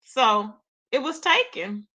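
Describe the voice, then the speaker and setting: A woman's voice: a little high, lively intonation, takes it slowly, sharp tone. A woman hosting a casual gossip livestream who talks to her viewers, greets them by name and calls them babe and child, with features. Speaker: YouTube commentary livestream host.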